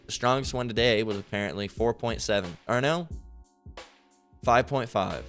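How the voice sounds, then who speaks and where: A man's voice: medium pitch, moderate pace, fairly bright tone. Male online Bible teacher; casual, profane, heated street-style delivery; faint background music. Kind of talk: informal scripture commentary.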